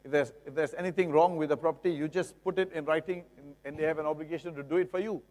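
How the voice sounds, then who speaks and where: A middle-aged man with a Singaporean English accent gives a lively, jokey seminar talk, often asking the audience rhetorical questions. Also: fairly high pitch, fast talker. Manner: jokey, acts out buyers and sellers. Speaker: lawyer giving a seminar talk. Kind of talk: seminar lecture. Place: seminar hall. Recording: long reverb of a seminar hall.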